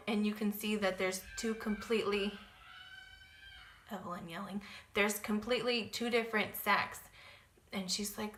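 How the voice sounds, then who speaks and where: A woman's voice: medium pitch, fairly even intonation, moderate pace, a bit bright, echoey room. A young adult woman telling a personal story in a casual vlog, chatty and full of "like" and "um". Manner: chatty, lots of "like" and "um" fillers. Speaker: vlogger.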